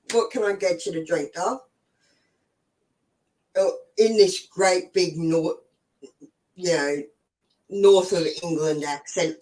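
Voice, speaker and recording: An Australian woman in her forties hosts a live stream, telling chatty stories, swearing freely and laughing often. Her mid-range voice is picked up by a distant mic, and the recording quality is low.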